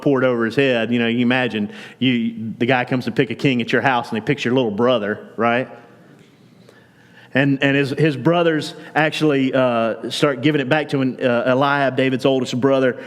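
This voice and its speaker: A man preaching a sermon as pastor, retelling a story in a relaxed, conversational way and acting out the quotes. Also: medium pitch, long reverb tail. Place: church.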